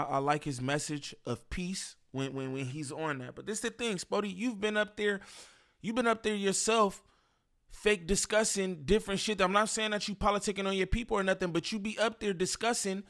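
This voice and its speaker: Slangy high-voiced male commentator. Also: a bit bright. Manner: casual, slangy, repeats himself. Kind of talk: reaction commentary.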